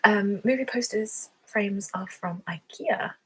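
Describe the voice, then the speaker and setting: An ASMR creator from England, speaking with a southern English accent, chats casually on her livestream, giggling and using plenty of fillers as she answers viewers' questions. Her mid-range voice is slow and fairly bright with a breathy edge, and the audio quality is poor.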